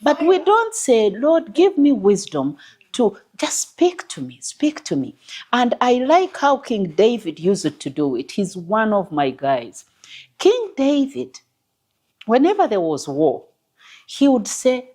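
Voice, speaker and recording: A woman speaks as a counseling psychologist in a panel discussion, emphatic and teacherly, with a warm, mellow tone. Her pitch swings widely as she stresses and repeats her points, and she often quotes scripture. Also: wildly swooping pitch, slow pace. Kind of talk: panel discussion on faith and marriage.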